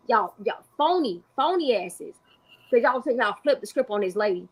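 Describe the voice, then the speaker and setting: A woman's voice: on the high side, lively intonation, moderate pace, a bit bright. A woman hosting a live stream, delivering heated commentary in an emphatic, profane way and repeating points for emphasis.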